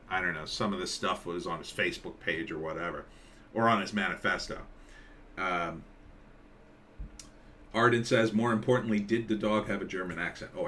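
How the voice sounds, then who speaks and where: A man hosting a live stream, rambling in casual commentary and reading viewer comments aloud, with halting restarts. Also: fairly low pitch, pushed and bright.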